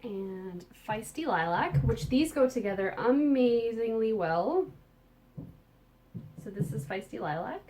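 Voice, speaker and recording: A woman hosting a casual podcast, talking enthusiastically about yarn she has dyed and received, with soft muttered asides. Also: on the high side, lively intonation, a little slow. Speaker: podcast host and yarn dyer. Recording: distant mic with faint background noise.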